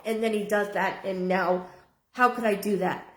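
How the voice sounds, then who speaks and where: A woman with a slightly high voice speaks at normal speed during a live-stream spirit reading in a reverberant room. Earnest and medium in delivery, she repeats phrases and relays a spirit's words in the first person.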